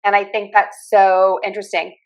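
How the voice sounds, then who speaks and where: Woman, softened Pittsburgh accent, podcast host, solo talk, clear and instructive. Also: mid-range voice, flat delivery, normal speed, low-quality recording. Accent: Pittsburgh, softened by years in other US regions. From Western Pennsylvania. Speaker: podcast host and communication coach.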